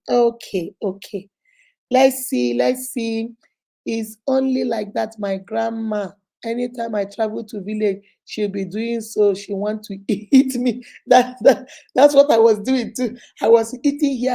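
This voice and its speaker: A middle-aged woman with a Nigerian accent hosting a casual talk show, talking emphatically and slipping into Pidgin. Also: on the high side. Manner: emphatic, animated, mixes in Pidgin. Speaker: host.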